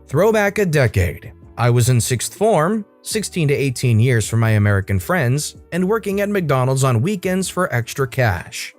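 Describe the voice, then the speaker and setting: Lively male story narrator. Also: medium pitch, moderate pace, few pauses, faint music behind. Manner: lively, expressive reading with asides to viewers. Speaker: narrator of online stories.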